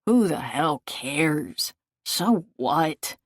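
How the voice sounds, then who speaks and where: A woman voicing a broken, bitter male killer under interrogation, with a flat, weary, contemptuous delivery. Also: low voice, very slow, husky, no room sound, clean studio sound, exaggerated voice.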